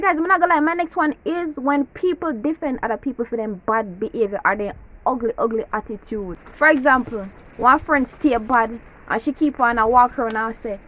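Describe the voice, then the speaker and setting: High-voiced Jamaican woman ranting. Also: moderate pace. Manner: animated, exasperated, heavy patois. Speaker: vlogger. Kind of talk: casual ranting monologue. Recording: slightly dull lo-fi audio with faint hiss.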